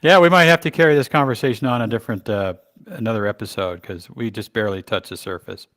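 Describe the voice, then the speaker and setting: A man's voice: fairly low pitch, quick pace, fairly bright tone. A man co-hosting a casual talk show over a video call, joking and teasing in a sarcastic way. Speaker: co-host.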